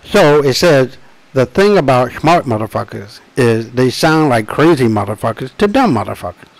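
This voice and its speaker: A man speaks straight to his listeners in a rambling, forceful monologue, swearing freely and drawing out key words slowly. His voice sits in an ordinary middle pitch. The sound is close and dry, with no room echo. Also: big pitch swings. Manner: emphatic and profane, with many restarts and asides. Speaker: author presenting his book. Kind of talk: rambling direct-to-camera monologue.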